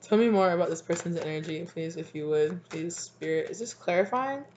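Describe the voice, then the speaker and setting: A woman's voice: on the low side, brisk, darkish tone, a little hiss or hum. A woman giving a casual tarot card reading in a rambling way, with many fillers and laughs. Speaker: tarot reader.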